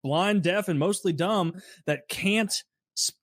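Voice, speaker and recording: A man on a podcast talks in a laid-back, casual way and reads quotes out slowly and deliberately. His voice sits a little high for a man. The sound is dry and close to the mic, with no room around it. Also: dry recording. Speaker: podcast co-host presenting a conspiracy theory. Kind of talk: casual comedic podcast chat.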